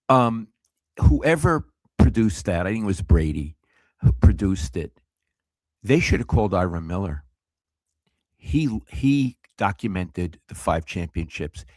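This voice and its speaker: A man in his eighties co-hosting a casual sports talk show, blunt and animated, swearing freely. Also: deep voice, dry recording. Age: 80s. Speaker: co-host, veteran sportswriter.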